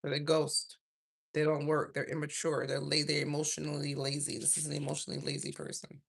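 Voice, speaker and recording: A woman's voice: low voice, completely flat delivery, fairly quick, creaky, breathy edge. A woman giving a casual, rambling tarot reading on a livestream, often breaking off mid-thought. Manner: rambling, chatty, self-interrupting. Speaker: tarot reader.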